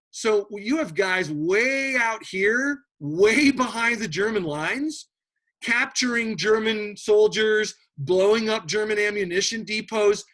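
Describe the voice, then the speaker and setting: Lively, bright-voiced male history teacher. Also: sits high. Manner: animated, joking, with many restarts. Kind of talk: classroom lecture.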